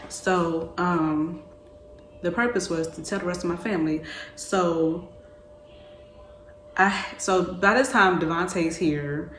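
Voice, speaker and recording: A woman in her twenties telling a personal story casually, slangy and animated, often repeating herself. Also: lowish voice, takes it slowly, pauses often, slight background noise. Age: 20s. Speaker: vlogger. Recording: echoey room with faint ambience.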